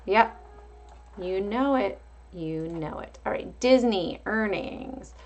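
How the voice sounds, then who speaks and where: A woman's voice: mid-range voice, expressive, slow, a little mellow, soft background music. Chatty woman calling out stock levels. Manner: chatty, reads out price levels, answers viewer chat. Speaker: livestream market host. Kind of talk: casual live market commentary.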